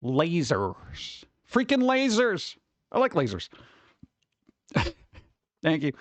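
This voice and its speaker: Male streamer, rambling chat voice, very lively and up high. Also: takes it slowly, dry recording. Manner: rambling and animated, reads chat aloud. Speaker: live streamer chatting with viewers.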